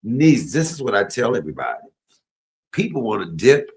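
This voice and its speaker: A man's voice: on the low side, wildly swooping pitch, normal speed, gravelly, low-quality recording. A middle-aged man, telling stories on a home cooking livestream, chatty and laughing. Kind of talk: casual storytelling while cooking.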